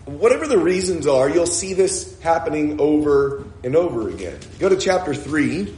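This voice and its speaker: A man's voice: fairly high pitch, very animated, normal speed, a little mellow, echoey room, a little hiss or hum. A man preaching a sermon in a church room, reading Scripture aloud and explaining it in a conversational way, with frequent "uh"s and self-corrections.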